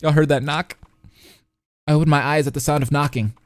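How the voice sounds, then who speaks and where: Recorded with clean studio sound and no room ambience, this young streamer and commentator reads a visual novel aloud during a live reaction. Between passages he jokes around with his chat, his slightly high voice steady in tone and fairly quick.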